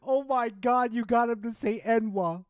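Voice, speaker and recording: A man hosting a live stream in casual chat, excitable and swearing freely as he talks to his viewers. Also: very high voice, a little slow, no room sound. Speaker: streamer host.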